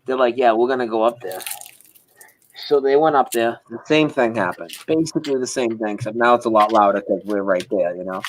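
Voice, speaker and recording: A man as an interview guest, telling a story in a casual, animated way over a video call. He acts out sounds and swears freely. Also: mid-range voice, fast, hardly any pauses, a little hiss or hum, low-quality recording.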